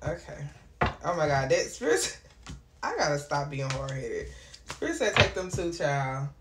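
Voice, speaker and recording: A woman doing a casual tarot reading, chatty and prone to excited exclamations. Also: low-pitched, unhurried. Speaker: tarot reader. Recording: echoey room with clear background noise.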